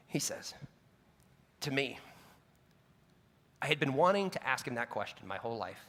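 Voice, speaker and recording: A male pastor tells a story in a gravelly, forceful voice, earnest and conversational, catching himself with quick asides. His words ring out with a long reverb from a large hall. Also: medium pitch, big pitch swings, a little hiss or hum. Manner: earnest, personal, with self-corrections and asides.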